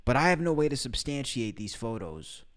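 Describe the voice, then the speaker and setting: A man's voice: medium pitch, big pitch swings, normal speed. A man hosting a livestream podcast, explaining news to the chat. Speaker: podcast host. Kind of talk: livestream commentary.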